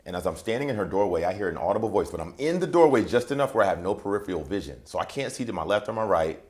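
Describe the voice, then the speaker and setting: A man's voice: lowish voice, expressive, racing, darkish tone. A man, a transition coach and interview guest, tells a personal story in a vivid way and acts out the voices of the people in it. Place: TV interview set.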